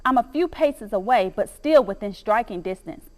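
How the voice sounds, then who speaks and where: A woman reading a children's audiobook in an expressive, dramatic first-person storytelling manner. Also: mid-range voice, normal speed. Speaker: narrator.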